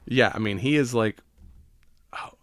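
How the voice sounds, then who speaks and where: A man's voice: mid-range voice, unhurried, fairly bright tone, no echo, clean studio sound. Laughing, rambling podcast man. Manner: profane, rambling, laughs often. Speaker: podcast co-host. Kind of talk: casual movie chat.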